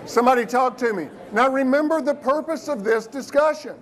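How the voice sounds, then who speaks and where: A man giving a motivational business talk to a live audience, lively and engaging, often putting questions to the room. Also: very high voice, brisk. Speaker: keynote business speaker.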